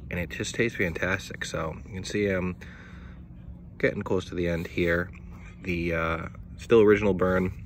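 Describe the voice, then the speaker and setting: Male reviewer, deep monotone, casual and unhurried, drops the odd curse. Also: slight background noise. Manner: laid-back, repeats words, swears casually. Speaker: cigar reviewer.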